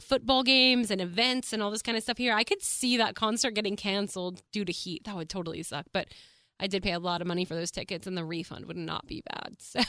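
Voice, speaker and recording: A woman's voice: medium pitch, a bit bright, no room sound, studio quality. A young adult woman hosting her own podcast, chatting casually and animatedly, swearing freely and saying "like" a lot. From Texas. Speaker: podcast host. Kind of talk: casual solo podcast chat.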